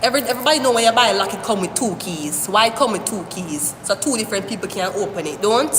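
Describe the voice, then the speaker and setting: A woman giving a live-stream tarot reading, talking straight to the viewer in an animated, rambling way, often cursing. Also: medium pitch, fast talker. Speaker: tarot reader. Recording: echoey room with long reverb, faint hiss.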